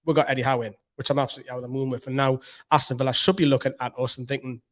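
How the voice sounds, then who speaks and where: A Geordie man with a mid-pitched voice that is slightly hoarse from shouting. He talks to camera from a room at home as the host of a football fan channel. He is upbeat and rambling, and keeps it casual. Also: flat delivery, very fast.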